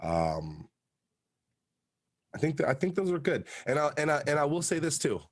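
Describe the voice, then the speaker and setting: Podcast host, male, middle pitch, emphatic and casual, dry booth sound. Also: big pitch swings, normal speed, no echo. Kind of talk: casual chat.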